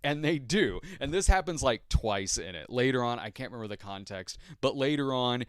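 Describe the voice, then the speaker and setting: A tired man hosts a podcast, rambling casually about movies close to the mic with a mid-range voice at a moderate pace. He's animated, laughing between thoughts and dropping loose fillers, and the tone is clean with no echo.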